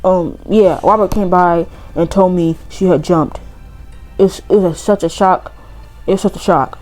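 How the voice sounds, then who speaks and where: A woman voicing a grieving, evasive adult male drama teacher, reading game dialogue aloud slowly in a put-on accent. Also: fairly low pitch, fairly even intonation, a little mellow, faint music behind, natural voice, rough recording. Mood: halting, sorrowful.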